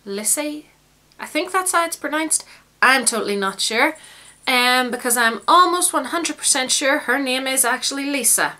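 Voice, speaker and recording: A woman's voice: high-pitched, animated, moderate pace, sharp tone. A young woman with a Northern Irish accent, chatting in a rambling, bubbly vlog to her viewers. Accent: Northern Irish, County Antrim. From Northern Ireland. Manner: rambling, bubbly, self-mocking. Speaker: beauty YouTuber.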